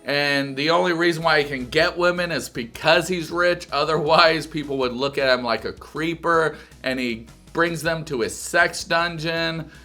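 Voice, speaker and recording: Brief: bright, high-voiced male reviewer with crude humor. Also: moderate pace, hardly any pauses, faint music behind. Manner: crude, profane and joking. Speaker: reality TV reviewer. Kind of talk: comedic reaction commentary.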